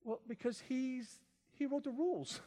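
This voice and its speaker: High-voiced preacher in a reverberant hall. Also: male voice, normal speed. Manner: dramatic swings from shouting to near-whisper. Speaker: pastor. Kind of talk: sermon.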